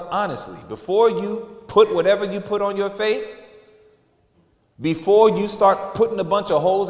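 A male preacher giving a sermon, telling stories and acting out the voices of the people in them. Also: a little high. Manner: lively storytelling with acted-out voices. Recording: echoey hall.

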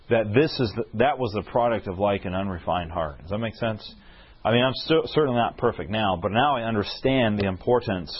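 A man preaching a storytelling sermon, animated and often checking in with his listeners with questions. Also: on the low side, slightly rough, lo-fi sound.

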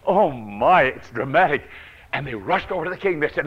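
Theatrical preacher with a lively voice. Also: male voice, medium pitch, moderate pace, breathy edge, lo-fi sound. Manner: theatrical, swings from loud to hushed, chuckling. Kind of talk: dramatic sermon storytelling to children.

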